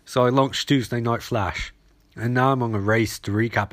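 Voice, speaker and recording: A man's voice: medium pitch, steady tone, moderate pace, fairly bright tone, dry recording. A man hosting his own podcast, recapping a TV episode casually and jokingly, briefly mimicking characters as he goes. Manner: rambling and jokey, briefly mimicking characters in quotes. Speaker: podcast host.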